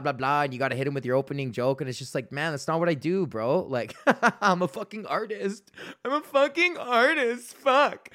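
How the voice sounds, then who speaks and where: A man's voice: mid-range voice, fairly bright tone. A male comedian hosting a solo podcast, ranting in a loose, rambling, profane way.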